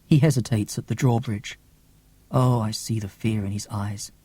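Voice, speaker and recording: Theatrical husky-voiced male storyteller. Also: lowish voice, steady tone, moderate pace, mellow. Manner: theatrical, lots of gasps and whispers. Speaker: audiobook reader. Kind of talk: expressive audiobook narration.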